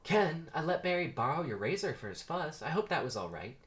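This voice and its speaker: A man reading the part of a friendly young woman florist in a comedic script reading, sweet and upbeat, pitched higher than his own voice. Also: big pitch swings, brisk, a bit bright. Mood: cheerful.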